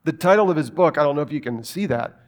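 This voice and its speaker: A man delivering a sermon with a voice a little higher than most. He talks emphatically, piles up rhetorical questions and slips in joking asides. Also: expressive, fast. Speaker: preacher.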